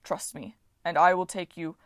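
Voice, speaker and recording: A woman reading aloud, voicing a huge, gentle male Titan who talks in slow, simple, halting words. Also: steady tone, no echo, studio quality, lightly acted. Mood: grave. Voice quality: deep, soft, halting simple speech.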